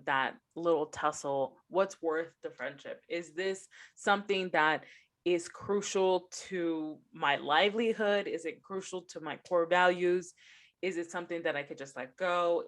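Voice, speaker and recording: A woman's voice: low-pitched, a bit bright. A woman co-hosting a book podcast, talking reflectively and posing herself questions as she gives advice in casual chat. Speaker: podcast co-host.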